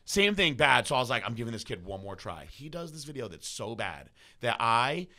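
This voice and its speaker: A man's voice: medium pitch, brisk. A man hosting a podcast interview, telling long stories with lots of swearing and restarts. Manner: animated, swears often, stumbles and restarts. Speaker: podcast host. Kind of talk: casual storytelling interview.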